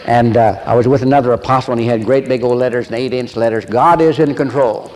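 An older man preaching a sermon, telling a story with animated voices and laughter. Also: medium pitch, quick pace. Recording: long echo of a large hall, faint ambience.

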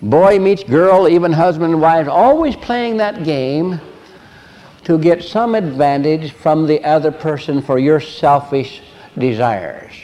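An older man preaching a sermon, telling personal stories in an animated way and asking the audience questions. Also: on the high side, takes it slowly, rough recording.

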